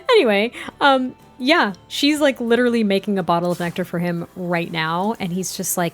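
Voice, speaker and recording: A chatty woman hosts a let's play, giggling and venting at her game as she goes. Her voice sits in a middling range. Quiet game music runs under her talk. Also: mid-range voice, normal speed. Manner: chatty, giggly, easily exasperated.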